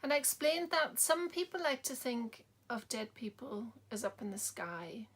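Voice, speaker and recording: A woman tells a personal story as a bereaved mother. She speaks softly, often sinks to a near-whisper, and has a bright voice that sits a little high. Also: big pitch swings, moderate pace, breathy edge. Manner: soft-spoken, drops to whispers.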